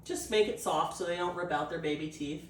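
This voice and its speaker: A woman breeder explaining a puppy temperament test, switching between high coaxing puppy talk and calm explanation. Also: a little fast, far from the mic. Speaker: dog breeder. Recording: echoey room, voice off-mic.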